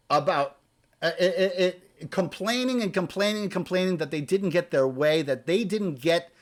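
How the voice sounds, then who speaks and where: A man with a notably high-pitched voice delivers a heated, profanity-laced rant to his viewers. He sounds exasperated, stumbles and repeats phrases as he gets worked up, and lurches between loud outbursts and quieter muttered asides. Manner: profane, exasperated, repeats himself when angry. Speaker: video blogger. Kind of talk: heated opinion rant to camera.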